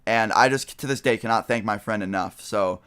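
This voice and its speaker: A man's voice: on the low side, a little fast, fairly bright tone, smooth. A young man telling a personal story to his viewers in a casual, rambling way, with lots of fillers and the odd swear word. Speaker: vlogger.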